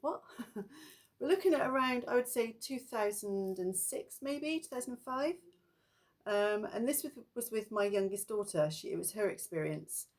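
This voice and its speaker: A middle-aged woman casually telling ghost stories in a chatty, meandering way. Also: normal speed. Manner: chatty and meandering, breaks into lively high-pitched acted quotes. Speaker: spiritual vlogger.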